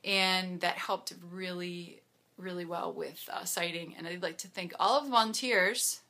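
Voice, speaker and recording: Bright, bubbly woman, chatty vlog recap with frequent laughs. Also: on the low side, steady tone, unhurried. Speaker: triathlete vlogger.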